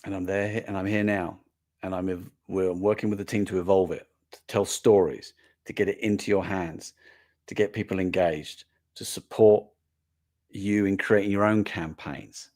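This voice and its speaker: A man's voice: deep voice, steady tone, moderate pace, darkish tone. Chatty older man on a live stream. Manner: chatty and earnest, with many fillers and restarts. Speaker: toy brand manager hosting a live stream. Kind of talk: casual live stream chat.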